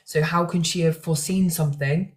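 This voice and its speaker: A woman's voice: sits low, steady tone, brisk. A young woman talking to camera about true crime, emotional and rambling, with restarts and fillers. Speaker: true crime content creator. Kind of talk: casual talk to camera.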